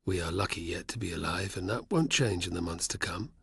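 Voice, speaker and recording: A man's voice: on the low side, normal speed, breathy edge, no room sound, clean studio sound. A man voicing a weary, philosophical older male soldier who speaks darkly and with sighs. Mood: reflective. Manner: dark, sighing, reflective.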